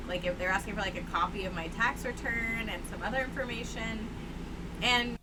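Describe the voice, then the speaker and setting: A woman's voice: mid-range voice, normal speed. A young woman from Texas, co-hosting a casual chat and telling stories with lots of fillers. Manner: chatty, storytelling with many "like" fillers. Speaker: co-host. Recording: noticeable background noise.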